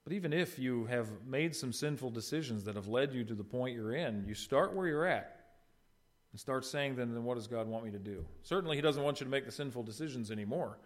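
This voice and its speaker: Middle-aged male pastor, plain mid-pitched voice, conversational sermon delivery, asks the room lots of questions. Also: expressive, a little fast. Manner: conversational preaching with rhetorical questions and brief retold dialogue.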